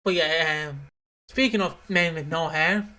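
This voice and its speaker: A man co-hosts a casual podcast, his voice bright and a little sharp in tone. He rambles through retellings, restarting sentences as he goes. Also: a little high, measured pace. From Britain. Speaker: podcast co-host. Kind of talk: casual chat.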